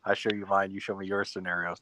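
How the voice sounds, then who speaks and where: A man's voice: low-pitched, little pitch movement, fast, pushed and bright, slight background noise, low-quality recording. A man hosting a live stream in casual chat, teasing a guest and often repeating his words.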